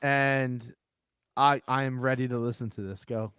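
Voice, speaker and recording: A man's voice: mid-range voice, fairly even intonation, measured pace, fairly bright tone, clean tone, dry recording, clean studio sound. A man co-hosting a sports podcast, chatting casually, laughing and swearing freely. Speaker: podcast co-host.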